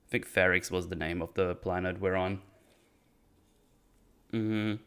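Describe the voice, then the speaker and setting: A man's voice: deep voice, steady tone, measured pace, fairly bright tone, smooth. A man giving casual livestream commentary on a TV show, rambling and hesitant as he thinks aloud. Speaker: streamer reviewing a TV show.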